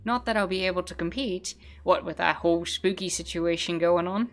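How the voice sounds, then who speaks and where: A woman's voice: fairly low pitch, brisk, natural voice. A woman voicing Martin, a jumpy cranky king. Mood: nervous. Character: cranky sleepless self-declared island king, male.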